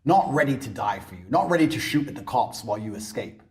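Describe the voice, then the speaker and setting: A man's voice: mid-range voice, expressive, quick pace, darkish tone. A man in a brash, mocking monologue, swearing often. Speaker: internet personality. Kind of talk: ranting monologue.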